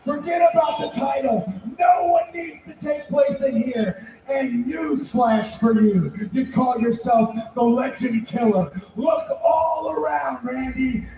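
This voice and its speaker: Impassioned man shouting in arena. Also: very high voice, slow pace, slight background noise. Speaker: pro wrestler. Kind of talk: arena promo. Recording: echoey arena from far off.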